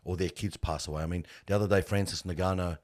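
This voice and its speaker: A middle-aged man who works in funerals, appearing as a guest, speaks in a deep, steady, slightly mellow voice at a quick pace. He tells heartfelt stories conversationally, earnest, emphatic and slangy, calling his listener "bro."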